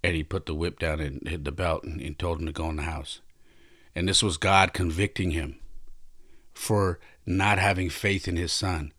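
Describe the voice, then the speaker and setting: A man's voice: low-pitched, fairly even intonation, normal speed, a bit bright, no room sound, clean studio sound. A man hosting a podcast, retelling a story in an emphatic, conversational way with frequent restarts. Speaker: podcast host. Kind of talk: casual storytelling.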